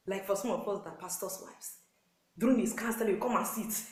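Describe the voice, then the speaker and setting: A woman's voice: mid-range voice, lively intonation, quick pace, darkish tone, reverberant, low-quality recording. A woman with a Nigerian accent, a pastor's wife, giving earnest sermon-style marriage advice to wives and repeating key points. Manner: earnest, repetitive exhortation with acted quotes.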